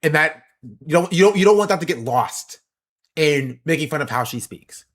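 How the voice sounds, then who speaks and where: Male streamer, slightly high voice, opinionated political commentary, explains points. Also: lively intonation, moderate pace, fairly bright tone.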